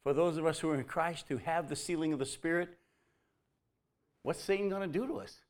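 A man giving a conversational sermon who acts out the quotes and drops to a soft voice near the end. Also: fairly high pitch, fairly quick. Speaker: preacher.

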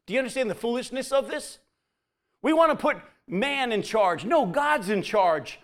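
A man giving a conversational sermon who acts out the quotes and drops to a soft voice near the end. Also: very high voice, lively intonation, moderate pace. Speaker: preacher.

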